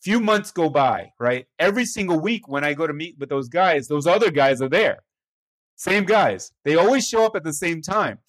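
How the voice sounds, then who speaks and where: Pastor telling a story, voice pitched a bit high. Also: male voice, expressive, moderate pace, fairly bright tone. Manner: conversational, self-deprecating, keeps checking in with "right?".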